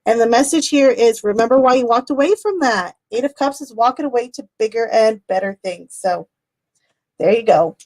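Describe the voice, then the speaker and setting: A high-voiced woman reading tarot cards live for her viewers. She rambles in a loose, chatty way, laughing often and letting the odd swear slip. The tone stays casual and personal throughout. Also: expressive, normal speed, a little mellow. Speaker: tarot reader. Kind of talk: casual livestream chat.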